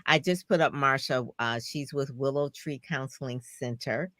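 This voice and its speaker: Animated woman host, dry sound. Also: normal speed, no echo. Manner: animated, jumps high in pitch when telling a story. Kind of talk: casual interview chat.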